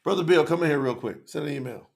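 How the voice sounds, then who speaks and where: A man with a gravelly, slightly high voice hosts a live stream. He talks with fired-up passion and calls out individual viewers by name. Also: fast talker. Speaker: livestream host. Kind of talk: lively livestream talk to chat viewers.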